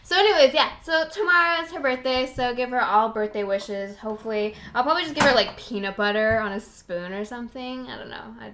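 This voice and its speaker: Against a noisy background, a young woman runs her own podcast with a fairly high-pitched voice, talking fast with few pauses. She rambles cheerfully through a casual solo chat, often laughing at her own remarks.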